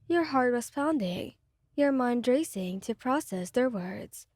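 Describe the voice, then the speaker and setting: Woman narrator for a sad ASMR fan story; quiet, mellow, close and dry. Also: on the high side, expressive, a little slow, dry recording.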